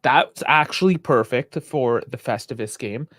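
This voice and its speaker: A man co-hosting a casual sports live stream, relaxed and laughing often, on a close mic. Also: medium pitch, measured pace, no echo. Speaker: podcast co-host.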